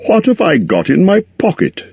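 A man voicing a small, nervous male hobbit in an audiobook, speaking higher and strained as he tries to sound bold. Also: sing-song, takes it slowly, gravelly, husky, lo-fi sound, exaggerated voice. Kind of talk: audiobook character voice.

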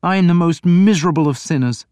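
A man's voice: a little high, quick pace, a little mellow, smooth, no echo, clean studio sound, voice pushed up, lightly acted. A man doing an anguished young prince. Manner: strained, pleading. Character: tormented young male prince, anguished and bitter.

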